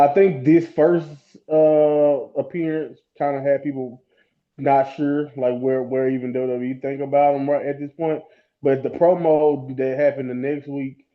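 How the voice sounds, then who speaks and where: A man co-hosting a podcast, chatting casually about wrestling in a rambling way with lots of fillers and restarts. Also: mid-range voice. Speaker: podcast co-host. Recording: dull lo-fi sound.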